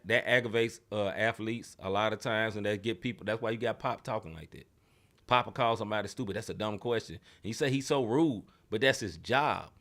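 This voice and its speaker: A young man co-hosting a casual sports podcast, animated and laughing often as he acts out quotes. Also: medium pitch. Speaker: podcast co-host.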